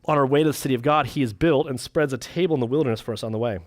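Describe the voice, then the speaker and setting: A man, a pastor, teaching a church class, reading quotes and joking between them in quick put-on voices. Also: mid-range voice, no echo, clean studio sound. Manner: animated, jokey, acts out quick voices.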